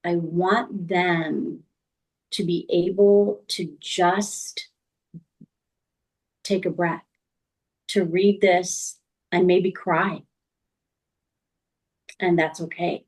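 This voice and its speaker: A woman's voice: lowish voice, steady tone, extremely slow, pauses often, a little mellow, breathy edge, low-quality recording. A middle-aged woman author speaking as an interview guest, earnest and thoughtful in her reflections.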